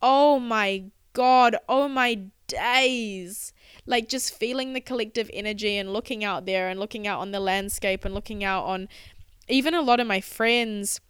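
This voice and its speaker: A woman's mid-range, fairly bright and clean voice comes through a dry, clean studio recording as she hosts a solo motivational podcast. Swearing freely, she rants with passion in quick spurts into the mic.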